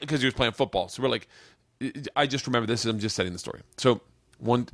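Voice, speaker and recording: A man in his forties hosting a podcast, telling comic stories in casual chat, animated and swearing, acting out the people he quotes. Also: mid-range voice, fast talker, no room sound, studio quality. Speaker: podcast host. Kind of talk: casual comedic storytelling.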